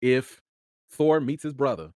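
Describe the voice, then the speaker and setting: A young man, chatting casually as host of a review show, his energy swinging between excitement and tired mumbling. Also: mid-range voice, measured pace, clear, resonant tone, no room sound, studio quality.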